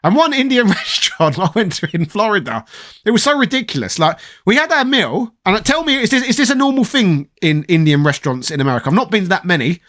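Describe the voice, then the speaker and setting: A man's voice: sits high, sing-song, quick pace, fairly bright tone. A man of around forty, from southeast London, hosting a casual livestream in a put-on posh English accent, reading chat and giving opinions with plenty of swearing. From southeast London, England. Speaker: host reading live chat.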